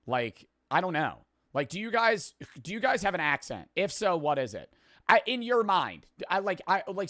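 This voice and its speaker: A man's voice: on the high side, fairly bright tone, no room sound, studio quality. A man with a generic American accent, reacting in casual commentary, rambling and swearing, with many restarts. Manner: rambling, profane, restarts often. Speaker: host reacting to a street interview.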